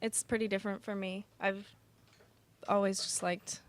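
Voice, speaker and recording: A woman's voice: medium pitch, level tone, normal speed, no room sound. A woman in her late teens, a young songwriter being interviewed in a TV studio, talking in a bubbly, casual, self-deprecating way.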